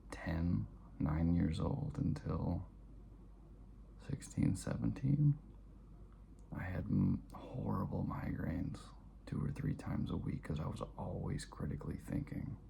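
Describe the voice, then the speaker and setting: A man vlogging and telling a personal story to camera, speaking softly and often dropping to a near-whisper. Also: deep voice, expressive, slow pace, vocal fry, long pauses.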